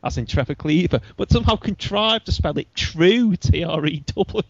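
Wry higher-voiced man, dry lo-fi sound. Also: expressive, normal speed, gravelly, no room sound. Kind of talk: casual chat.

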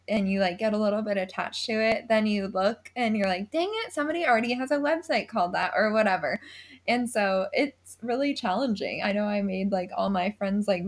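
A young woman hosting a podcast, enthusiastic and chatty, with lots of "like" in her talk. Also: medium pitch. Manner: enthusiastic, says "like" often. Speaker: podcast host. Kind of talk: casual interview talk.

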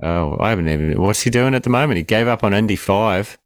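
Wry, low-voiced man talking films. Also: animated, fast, dry recording, clean studio sound. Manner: jokey, wry. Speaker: podcast co-host. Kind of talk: casual film review chat.

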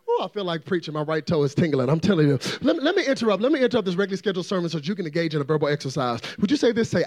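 Fervent high-voiced preacher man. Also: sing-song, very fast, few pauses. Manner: fervent, playful, swelling into shouts. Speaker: guest preacher. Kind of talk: sermon.

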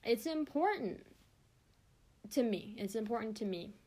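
A woman's voice: on the high side, expressive, unhurried, a little mellow. A young woman hosting her own podcast, talking in an earnest, rambling and openly emotional way. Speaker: podcast host. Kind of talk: casual podcast monologue.

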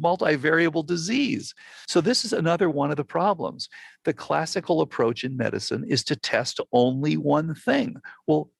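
A man's voice: medium pitch, gravelly, breathy edge, dry recording. An older man, a physician and researcher, telling a story in a conversational interview and acting out the exchanges he quotes.

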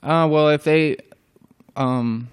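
A young man from Albania answers questions in a relaxed interview, keeping his replies short and deadpan. His voice is smooth and clear, and it is recorded close to a dry mic with no room sound. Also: takes it slowly, dry recording. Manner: brief, low-key deadpan answers. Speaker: guest. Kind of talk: casual interview chat.

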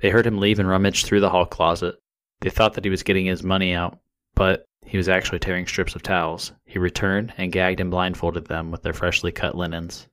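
A deep-voiced man reads through true crime case details at an even, steady clip. He sounds like a podcast co-host walking listeners through the facts. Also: brisk.

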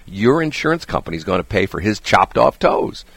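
A male radio host chatting casually in a studio, telling stories animatedly and laughing often, his voice a bit hoarse. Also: lowish voice, very animated, normal speed, fairly bright tone, no echo. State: slightly hoarse. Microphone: studio microphone.

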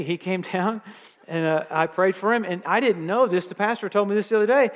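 A man's voice: sits high, fast talker. A middle-aged man preaching a sermon in a church, telling stories and joking with the congregation before praying. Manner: lively, jokes with the audience. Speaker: guest preacher. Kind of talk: sermon with storytelling. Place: church sanctuary. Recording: church hall reverb.

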